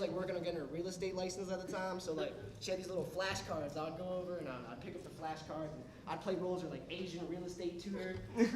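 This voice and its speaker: Young dude doing standup, rambly, high voice, crowd cracking up in an echoey club. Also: male voice, far from the mic. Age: young adult. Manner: rambling storytelling with restarts and asides. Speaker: stand-up comedian. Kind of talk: stand-up comedy set. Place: comedy club stage. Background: audience laughter.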